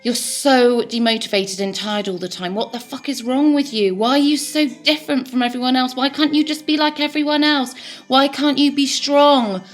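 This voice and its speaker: A woman's voice: fairly low pitch, little pitch movement, fairly bright tone, soft background music. A woman voicing her own harsh inner critic, firing off scornful insults and anxious worries. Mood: berating. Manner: berating, rapid-fire insults.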